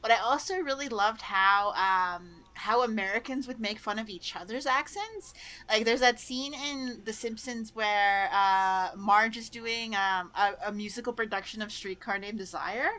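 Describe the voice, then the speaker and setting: A woman's voice: mid-range voice, a little slow, pushed and bright. A woman from Canada in casual podcast chat, talking loosely with lots of "like" and frequent laughs. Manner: chatty, laughing often, lots of "like". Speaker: podcast co-host.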